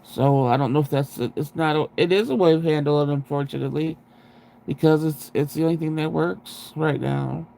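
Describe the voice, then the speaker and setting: Man, somewhat high voice, gravelly, rambling casual livestream chat, close sensitive mic. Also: moderate pace, mellow, a little hiss or hum. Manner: rambling, frequent restarts, laughs at himself. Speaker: livestream host. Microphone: sensitive close microphone.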